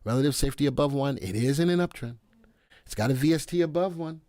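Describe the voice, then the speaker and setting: A man's voice: medium pitch, fast talker, dark tone, dry recording, clean studio sound. A man hosting a live stock analysis stream, chatty and playful, talking to his viewers by name. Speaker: live stock market show host.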